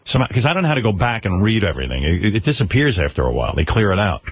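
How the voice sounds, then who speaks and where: Brief: male radio host, animated swooping delivery, teasing banter, dry studio sound, slightly husky. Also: fairly low pitch. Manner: teasing, animated and quick to laugh.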